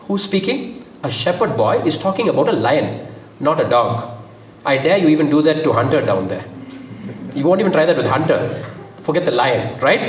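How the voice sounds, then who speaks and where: Animated preacher in an echoey hall. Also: male voice, moderate pace. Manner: animated, acts out quotes with a raised pitch. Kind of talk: sermon. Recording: echoey, from a distance.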